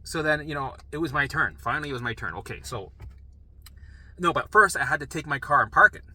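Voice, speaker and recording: A man telling a personal story in a profane, animated, frantic way. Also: on the high side, a little fast, husky, poor audio.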